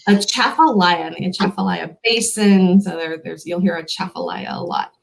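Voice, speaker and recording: Woman, quiz host, playful, laughs a lot, sounds words out slowly. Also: fairly low pitch, steady tone, vocal fry, low-quality recording. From Louisiana. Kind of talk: casual pronunciation quiz.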